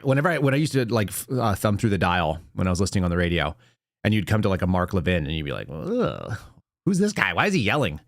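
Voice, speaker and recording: A man's voice: deep voice, lively intonation, very fast, no room sound, studio quality. A man hosting a live political commentary show, talking casually and bluntly with sardonic, rambling asides. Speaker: podcast host.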